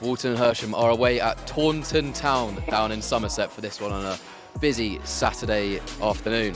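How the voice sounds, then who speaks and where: An Englishman commentating live on a club football match from an outdoor stadium, reading lineups in a steady rhythm and chatting between calls. Music plays clearly in the background. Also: on the low side, normal speed, hardly any pauses. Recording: music clearly audible behind.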